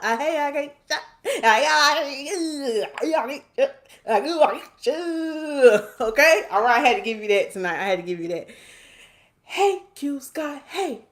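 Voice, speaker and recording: A woman's voice: high voice, a bit bright. A woman from North Carolina, hosting a live stream and reading viewer comments aloud in a chatty, playful way.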